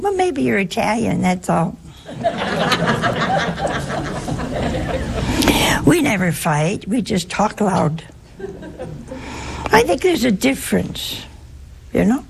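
A woman's voice: fairly high pitch, very animated, drawn-out words, gravelly, long pauses, a little hiss or hum. A woman, a religious sister, giving an informal, humorous spiritual talk full of anecdotes. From United States.

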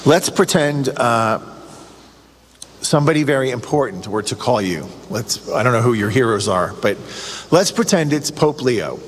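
A man preaching a sermon in an earnest way, asking the listener questions and growing excited. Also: medium pitch, moderate pace. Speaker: priest or preacher on a radio show. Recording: long reverb, faint ambient noise.

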